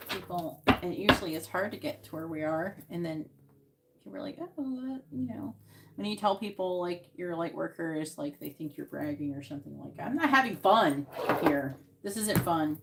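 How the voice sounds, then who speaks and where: A woman's voice: fairly low pitch, heavy background noise. A woman giving psychic readings on a live stream, talking casually and rambling with many restarts, into earbuds.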